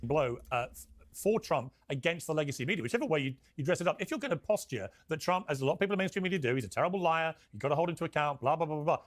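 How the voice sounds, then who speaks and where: A man moderating a televised panel debate, assertive and quick to interrupt. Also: on the high side. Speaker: TV debate host.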